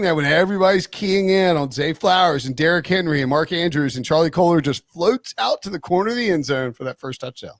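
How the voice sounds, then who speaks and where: A man hosting a live sports betting stream, talking in a rambling, animated way and often cutting himself off. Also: on the high side, a little fast, few pauses, dry recording, studio quality. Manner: rambling, animated, self-interrupting. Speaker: host.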